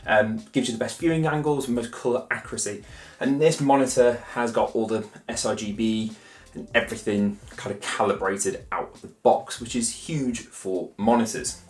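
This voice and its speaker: A man gives a relaxed, rambling unboxing walkthrough, full of loose asides. His voice sits at an ordinary middle pitch. The room around him is noticeably echoey. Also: moderate pace. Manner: chatty, loose, peppered with "kind of". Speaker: tech reviewer. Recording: roomy echo.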